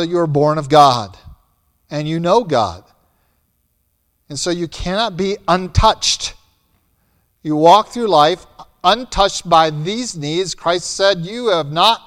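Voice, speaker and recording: A fairly high-voiced man preaching as pastor, blunt and emphatic. He pushes some phrases out loud and drops others almost to a hush. His voice rings with a long reverb in a church hall. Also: clear, resonant tone. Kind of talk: sermon.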